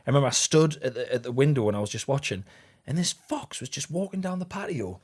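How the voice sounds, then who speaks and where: A man co-hosting a podcast, telling a story in a quick, playful, swearing way. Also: mid-range voice, animated, darkish tone. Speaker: podcast co-host. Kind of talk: casual chat.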